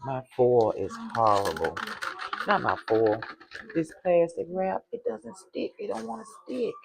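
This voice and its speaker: A middle-aged woman, a cooking vlogger, chats casually to viewers from her home kitchen, exclaiming and laughing often. Her low-pitched, creaky voice moves at a measured pace, and the recording is very noisy.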